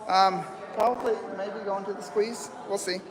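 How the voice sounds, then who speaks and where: A man hosting a live stream at a horse rescue, talking calmly and rambling with many fillers, recorded outdoors among people. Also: high voice, moderate pace, big-room sound, crowd noise, poor audio. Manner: calm, rambling, soft-spoken with fillers. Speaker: livestream host at horse rescue. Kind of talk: live commentary.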